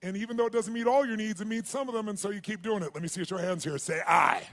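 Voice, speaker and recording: Animated man telling stories onstage. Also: high voice, rapid-fire. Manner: animated storyteller, calls out questions to the crowd. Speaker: seminar speaker. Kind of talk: live seminar talk with storytelling.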